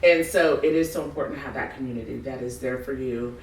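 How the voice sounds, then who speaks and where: A woman hosting a podcast, telling stories in a lively way and acting out other people's voices with frequent laughter. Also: rumbling low, quick pace, slight background noise. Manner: animated storyteller acting out voices, laughing often. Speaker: podcast host. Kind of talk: casual podcast chat. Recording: roomy, distant mic.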